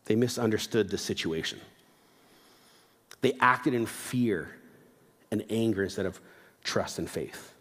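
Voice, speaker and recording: A man preaching a sermon in a relaxed, conversational manner, dropping his voice low and slow to stress key points. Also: husky, in a large hall. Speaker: pastor.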